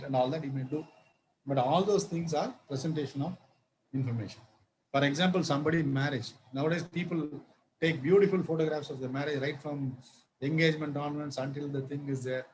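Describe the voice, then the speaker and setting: A man giving a law lecture, halting often with fillers and restarts and spelling words out. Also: fairly high pitch, a little hiss or hum, rough recording.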